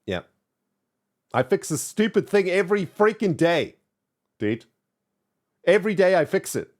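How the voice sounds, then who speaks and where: Very animated, fed-up male streamer. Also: high-pitched, unhurried. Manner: exasperated, venting, swings loud and quiet. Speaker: streamer, channel host. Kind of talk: casual gaming stream chat.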